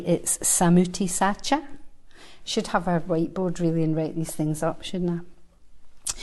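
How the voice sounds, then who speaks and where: A fairly low, slightly mellow female voice belongs to a Buddhist teacher in her sixties. She gives a dharma talk to a live group at a centre, talking casually with touches of humor and thinking out loud between verses.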